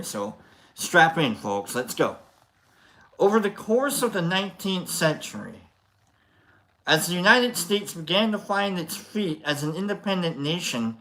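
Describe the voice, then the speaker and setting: A stream host reading philosophy aloud at an unhurried, slow pace. They pause often to restate lines and stress words, mixing in jokey asides to the chat. The delivery is loose and conversational rather than polished. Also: mid-range voice, a bit bright.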